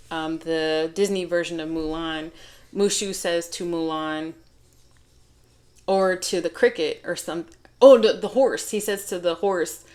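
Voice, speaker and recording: Woman tarot reader, low-ish voice, chatty and giggly, rambling and casual. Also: darkish tone. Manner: chatty, laughing, self-interrupting. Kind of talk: casual tarot reading to camera.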